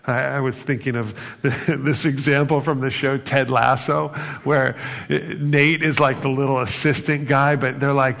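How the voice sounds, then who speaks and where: This pastor's gravelly, fairly bright mid-range voice moves at a moderate pace with fairly even intonation. His sermon feels like conversation, punctuated by humor and acted-out quotes, recorded dully in an echoing hall.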